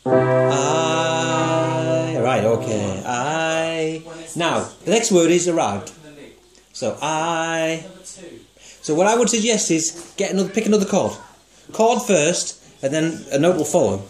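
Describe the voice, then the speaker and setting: A man's voice: a little high, sing-song, measured pace, over music. A man teaching songwriting one to one, patient and encouraging, asking guiding questions and singing short notes to show the tune. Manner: sings short notes to demonstrate. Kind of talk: one-to-one music lesson.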